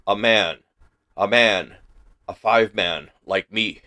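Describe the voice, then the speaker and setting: An eager ape-man gabbles the same short phrases over and over, as a man reads him aloud. His voice sits low and the delivery is slow. It is a storybook reading. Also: pushed and bright. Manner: gabbling, repetitive.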